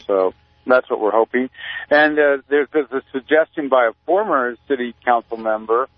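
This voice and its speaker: A male activist guest on a radio show, talking in a rambling, deadpan way with many fillers. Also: medium pitch, moderate pace, no echo. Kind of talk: casual radio interview. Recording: tinny phone line.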